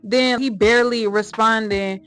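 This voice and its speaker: A woman's voice: fairly high pitch, fairly even intonation, a little slow, a bit bright. A woman telling a personal story to her viewers in a casual, slangy, emphatic way, often calling them y'all.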